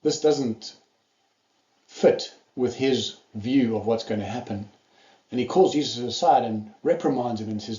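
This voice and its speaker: A man's voice: mid-range voice, a little slow, warm tone, lo-fi sound. Man preaching a sermon in an echoey hall. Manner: earnest storytelling, acting out quoted lines.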